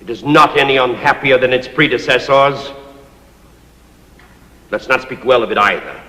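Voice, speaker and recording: A man's voice: mid-range voice, normal speed, sharp tone, lightly acted. A stage actor playing a pompous, overbearing old man who rules a servant, declaiming grandly. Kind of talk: stage play performance. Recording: echoey stage hall recording.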